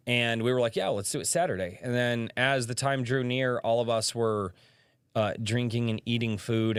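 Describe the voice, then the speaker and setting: A young man hosts a relaxed livestream, chatting and spinning stories between reading viewer comments. His voice sits at an ordinary middle pitch. The sound is close and dry, with no room echo. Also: clean tone. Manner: chatty storyteller, reads chat aloud. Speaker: livestream podcast host. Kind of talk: casual livestream chat.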